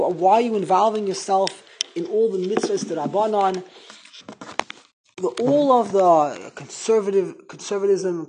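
Husky man giving a rambling Torah class. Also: high voice, poor audio. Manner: rambling, animated storytelling with Hebrew and Yiddish terms. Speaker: rabbi teaching Torah.

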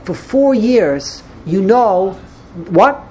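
Animated woman giving a Torah lecture. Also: medium pitch, extremely slow. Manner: animated, jumps into dramatized dialogue with Hebrew and Yiddish terms; frequent restarts and stammers when excited. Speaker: Torah teacher.

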